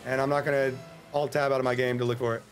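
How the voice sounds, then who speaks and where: An American man streaming a game, chatting casually in a joking, rambling way and breaking into sudden excited yelps. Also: mid-range voice, fast talker, faint music behind. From United States. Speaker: livestreamer. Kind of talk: casual gameplay livestream commentary.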